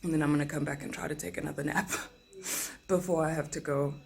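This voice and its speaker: A woman's voice: low-pitched, brisk, vocal fry. South African woman telling a travel story. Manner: animated, acts out passengers' lines in quotes. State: tired, speaking softly in the morning. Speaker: flight attendant vlogger. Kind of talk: casual storytelling vlog.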